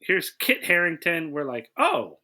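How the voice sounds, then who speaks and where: A man with a bright, slightly high voice walks through a film's plot in a loose, rambling way. He keeps restarting his sentences as he goes. The talk is a relaxed chat between two hosts. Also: unhurried. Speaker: podcast co-host. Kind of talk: casual movie review chat.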